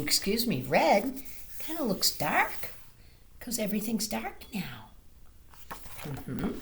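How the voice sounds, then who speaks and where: Woman teacher for a children's read-aloud: unhurried, bouncy, sing-song delivery, faint hiss behind. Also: mid-range voice. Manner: slow, sing-song and gently animated, addressing children directly. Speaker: teacher reading a picture book to children.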